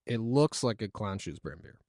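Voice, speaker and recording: A man's voice: fairly low pitch, animated, normal speed, a little mellow, no room sound, studio quality. A man co-hosting a podcast in casual banter, rambling, swearing and poking fun at himself. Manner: rambling, profane, self-mocking. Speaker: podcast co-host. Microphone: studio mic.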